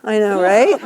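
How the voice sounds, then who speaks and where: A woman teaching a group outdoors, explaining ideas patiently and laughing often as she talks. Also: mid-range voice. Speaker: Buddhist teacher leading a tour. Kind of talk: informal teaching while walking.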